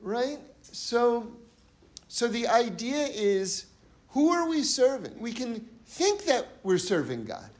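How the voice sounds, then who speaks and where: A man's voice: very high-pitched, very animated, slow. A man giving an earnest sermon-style Torah talk who repeats his points for emphasis and tells parables.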